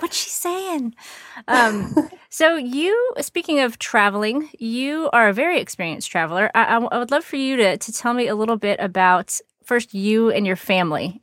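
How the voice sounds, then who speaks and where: A woman's voice: mid-range voice, brisk, hardly any pauses, a bit bright, no room sound, clean studio sound. A woman with a mild Texan accent hosting a podcast, chatting in an upbeat way with many fillers and restarts. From Texas, USA. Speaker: podcast host. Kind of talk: casual podcast interview.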